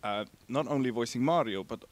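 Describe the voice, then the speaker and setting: A man's voice: mid-range voice, fairly quick. A man interviewing a guest, asking his questions hesitantly with restarts. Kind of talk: casual interview.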